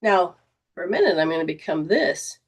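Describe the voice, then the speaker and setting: A woman's voice: lowish voice, very animated, moderate pace, slightly rough. A woman hosting a livestreamed spiritual talk as a metaphysical teacher, rambling and repeating herself and acting out the voices she quotes. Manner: rambling, repetitive phrasing, acts out quoted voices. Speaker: metaphysical teacher and show host.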